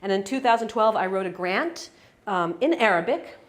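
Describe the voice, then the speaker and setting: A woman's voice: mid-range voice, lively intonation, normal speed. A woman giving a conversational academic talk in a lecture room, with frequent fillers and restarts. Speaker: academic speaker. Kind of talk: conference talk.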